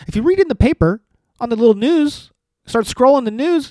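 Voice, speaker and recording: A man hosting a comedy podcast rambles solo through dark, self-deprecating jokes, tossing in sarcastic asides as his pitch rises and falls expressively. He speaks at a moderate pace, and the recording is dry and close with no room echo.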